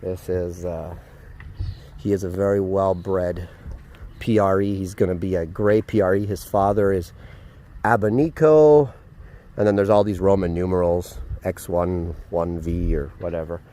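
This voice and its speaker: A man vlogging casually outdoors at a horse paddock, excited and chatty, with lots of fillers, filmed on a handheld phone. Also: deep voice, a little slow. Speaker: vlogger, dog trainer. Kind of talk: casual vlog to camera.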